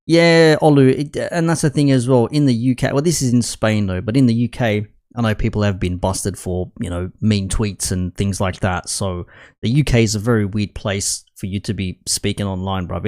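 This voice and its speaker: A man's voice: lowish voice, fairly even intonation, normal speed, a little mellow. Rambling man streaming commentary. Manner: rambling, restarts often, says bro and man. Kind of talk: casual live commentary.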